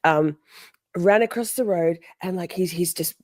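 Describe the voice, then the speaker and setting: A middle-aged woman tells a story on a live stream, chatty and animated, stopping to greet viewers. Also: lowish voice, moderate pace, dry recording, studio quality.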